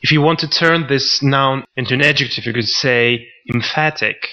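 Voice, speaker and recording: Male co-host for a vocabulary lesson, measured and explanatory, bright tone, muffled lo-fi sound. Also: mid-range voice. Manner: measured, reads out example sentences. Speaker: podcast co-host. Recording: dull lo-fi recording.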